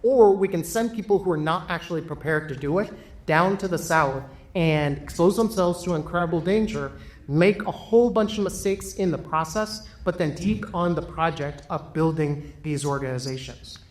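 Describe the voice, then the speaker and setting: A man giving a reflective, earnest talk as a panel speaker, pausing on fillers. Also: a little high. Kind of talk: public talk. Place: packed room.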